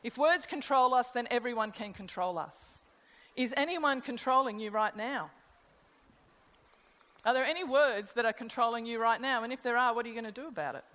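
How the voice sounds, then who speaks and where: A middle-aged woman delivers a sermon in a fairly high voice, talking conversationally and putting rhetorical questions to her listeners. Her words ring out with a long reverb, as if she were in a big hall. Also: moderate pace, sharp tone. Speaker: preacher.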